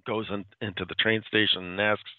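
A man's voice: lowish voice, level tone, brisk, no echo. A man casually retelling a spooky story, chatty and full of fillers. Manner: chatty, with fillers and quoted voices. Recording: dry, tinny phone-like sound.

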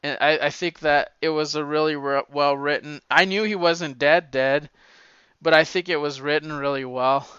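A man's voice: fairly high pitch, fairly even intonation, normal speed, a bit bright, clear, resonant tone, dry recording, highs cut off. A man talking casually and at length about comic books, rambling with stammered restarts and swearing freely. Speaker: comic book fan talking to a friend. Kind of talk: casual chat.

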